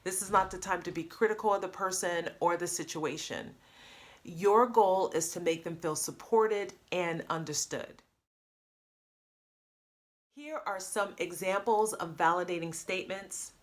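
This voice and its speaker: An upbeat woman coach talks straight to her audience in a lively, friendly way. She often acts out example phrases to show how they should sound. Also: lowish voice, unhurried. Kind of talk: coaching talk to camera.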